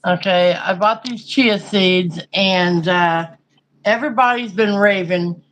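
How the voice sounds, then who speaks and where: Woman, casual chat, frank and rambling, slow pace. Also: mid-range voice, slight background noise, poor audio.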